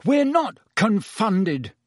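Man doing a teen boy wizard, desperate, yelling, higher voice, lots of swing. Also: very animated, measured pace, breathy edge, no room sound, clean studio sound, heavily acted. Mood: urgent. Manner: urgent, pleading, shouting. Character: agitated teenage boy wizard.

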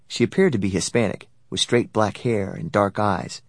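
Reading an audiobook as scripted narration, a man keeps a steady, even storytelling manner at a moderate pace. His voice is on the low side, and the studio-quality recording carries no room sound.

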